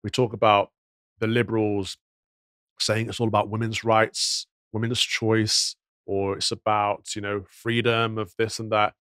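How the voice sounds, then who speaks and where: Indignant low-voiced man. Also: level tone, measured pace, a bit bright, smooth, no room sound. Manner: indignant, moralizing, rhetorical questions. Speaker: podcast commentator. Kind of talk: opinion commentary on clips.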